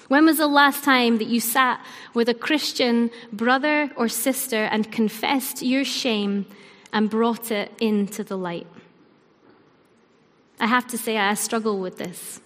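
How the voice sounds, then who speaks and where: A woman preaching a sermon in an earnest, measured way, with her line ends trailing off softly. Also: fairly high pitch. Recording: long hall reverb.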